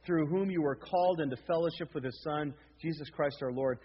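A man's voice: a little high, brisk. A man preaching an expository sermon as pastor, emphatic, repeating key words and prompting the congregation to answer back. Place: church sanctuary. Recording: reverberant hall, dull lo-fi sound, faint noise.

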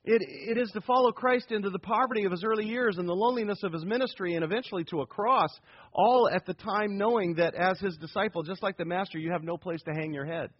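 A man's voice: high voice, quick pace, husky. A man preaching an evangelical sermon, emphatic, with big swings in volume and playful asides. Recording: dull lo-fi recording.

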